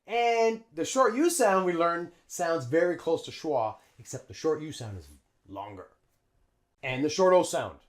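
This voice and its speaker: A man's voice: fairly high pitch, big pitch swings, moderate pace. A man teaching English pronunciation in a video lesson, stretching out example words and chuckling between them.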